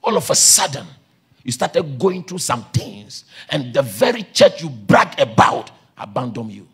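A man preaching a sermon, shouting with passion and a sing-song cadence, with a gravelly voice. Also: mid-range voice, very animated, a little slow.

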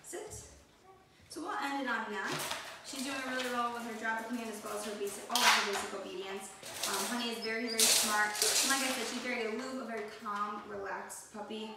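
Young female dog trainer, higher voice, upbeat cue words, distant mic. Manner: upbeat, bright praise cues to the dog. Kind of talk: training demonstration with commentary. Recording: echoey room, mic far off, noisy.

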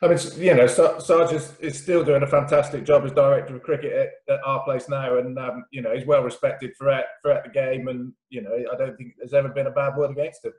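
A man hosts a casual chat in a relaxed, halting way, and he fills his talk with "you know". His voice sits at a medium pitch. The recording sounds echoey and a little distant. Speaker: podcast host, former teammate.

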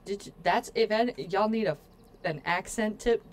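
A woman's voice: medium pitch, moderate pace, a little hiss or hum. Playful woman streamer chatting with viewers. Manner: playful, joking asides to chat; chatty, addresses viewers often. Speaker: game streamer. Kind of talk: casual let's-play commentary.

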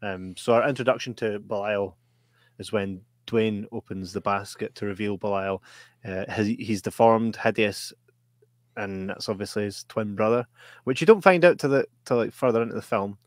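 A man, co-hosting a casual podcast film review, chatty and quick to laugh. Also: lowish voice, dry recording. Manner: chatty, laughs often, swears. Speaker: podcast co-host.

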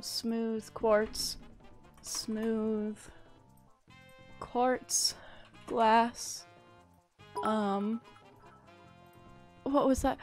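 A woman's voice: high-pitched, darkish tone. A young woman live-streaming a building game, chatting casually and thanking viewers in a gushing, rambling way. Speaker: livestreamer.

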